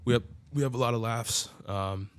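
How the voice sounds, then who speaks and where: A man's voice: medium pitch, moderate pace, smooth. A man telling his own story as a podcast guest in a loose, profane way, full of filler words. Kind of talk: casual storytelling.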